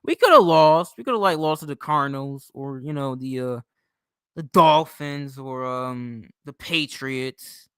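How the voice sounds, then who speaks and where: Chatty young man, bright crisp voice. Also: medium pitch, unhurried, dry recording, studio quality. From New York State. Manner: rambling, profane, loose and chatty. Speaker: livestream host. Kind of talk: casual livestream chat.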